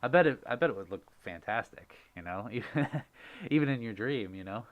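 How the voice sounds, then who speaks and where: A man hosting a casual livestream, reading out viewer messages and gushing with giggly, excitable thanks. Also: on the low side, a little fast, highs cut off. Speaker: livestream host.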